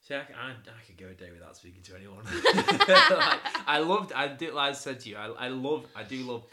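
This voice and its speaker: A young man chatting casually on a podcast, laughing often and getting loud and animated when telling a story. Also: medium pitch, fast talker. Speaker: podcast co-host. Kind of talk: casual chat.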